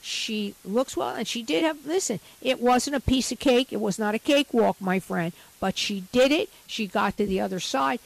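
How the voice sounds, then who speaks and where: Gravelly-voiced woman doctor on talk radio. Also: fairly high pitch, moderate pace, hardly any pauses, no echo, rough recording. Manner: animated, frank and laughing.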